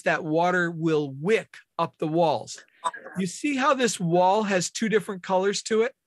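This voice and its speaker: A man's voice: high voice, fairly bright tone, no echo, clean studio sound. A man leading a team training meeting, explaining step by step and asking questions of the room.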